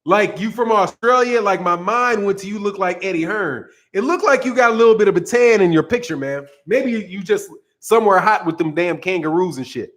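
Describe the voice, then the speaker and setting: High-voiced man riffing to his live chat. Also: animated, fairly quick, few pauses, fairly bright tone. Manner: loose, joking, talks straight to chat, frequent laughs. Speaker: boxing channel host. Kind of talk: casual live-stream commentary reading chat.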